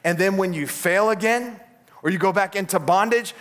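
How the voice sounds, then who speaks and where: This pastor, a man with a high voice, preaches at a moderate pace, animated and voicing the people he quotes.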